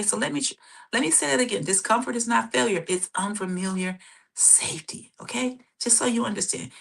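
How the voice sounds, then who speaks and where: A woman with a gravelly, husky voice leads a teaching talk as a therapist. She repeats her key points and keeps asking if her listeners are following. Her pitch sits in a middle range for a woman. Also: fairly bright tone. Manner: repetitive, checks in often with "okay?". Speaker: therapist and show host. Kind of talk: teaching talk with guided exercise.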